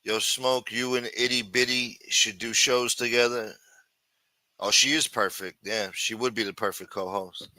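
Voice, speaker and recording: A man hosting a casual livestream, greeting viewers with loud mock-preacher calls, crude banter and sing-song asides. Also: mid-range voice, steady tone, a little slow, dry recording. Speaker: livestream host. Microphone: desk microphone.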